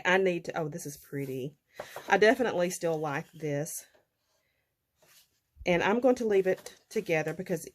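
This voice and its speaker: A middle-aged woman, chatting casually to her viewers in a folksy way, laughing often. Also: on the low side. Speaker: vlogger.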